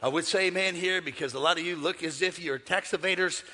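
A man preaching a sermon in a church, joking with the congregation and swinging between shouting and hushed asides. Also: on the high side, fast, in a large hall. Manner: humorous, conversational preaching. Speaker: pastor. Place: church sanctuary.

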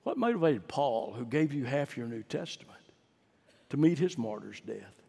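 A man preaching a sermon in a church, swinging from emphatic, drawn-out peaks to low, hushed asides. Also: animated, gravelly, breathy edge, in a large hall. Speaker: pastor.

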